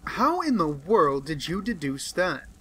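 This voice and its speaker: An earnest, easily amazed male companion as a man reads him in an audiobook. Eager and exclamatory, with a bright, forceful voice pitched a little high. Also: sing-song, a little slow, a little hiss or hum.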